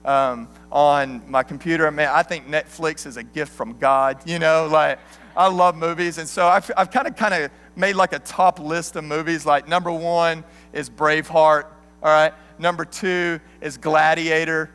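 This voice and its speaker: A man in his thirties preaching a sermon as an animated, joking storyteller. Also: a little high, normal speed, clean tone. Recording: long hall reverb.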